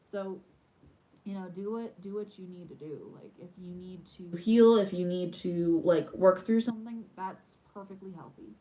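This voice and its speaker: Mellow-voiced woman chatting casually on a live stream. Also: fairly low pitch, moderate pace, low-quality recording. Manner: rambling and chatty, many fillers. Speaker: homesteader hosting a live stream. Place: at home in the evening.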